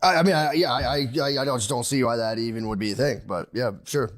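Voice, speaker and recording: A man's voice: medium pitch, fast. A man in his thirties co-hosting a podcast, chatting casually and acting out quoted voices with bursts of laughter. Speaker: podcast co-host. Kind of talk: casual comedic chat.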